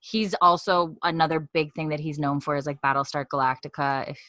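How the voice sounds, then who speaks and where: A woman's voice: sits low, fairly even intonation, a little fast, fairly bright tone, dry recording. A young woman co-hosting a podcast, recapping a TV episode in a rambling, chatty way with frequent laughs. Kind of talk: casual chat.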